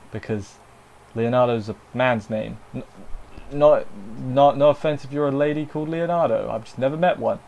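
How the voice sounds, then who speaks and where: A man talks through an anime episode in a loose, unscripted review. His voice sits at an ordinary middle pitch, and he rambles, cracks small jokes and stops to correct himself. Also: a little mellow. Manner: rambling, self-correcting, jokey asides. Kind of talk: casual unscripted video review.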